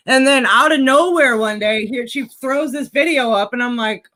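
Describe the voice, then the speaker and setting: A woman's voice: a little high, normal speed, hardly any pauses. A woman hosting a casual chat, telling stories animatedly and acting out what people said. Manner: animated storyteller, acts out quotes. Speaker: host.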